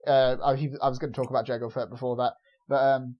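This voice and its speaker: A man's voice: mid-range voice, flat delivery, fast talker. A man co-hosting a casual review chat, talking loosely and hesitantly with many fillers. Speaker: review show co-host. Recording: dull lo-fi sound.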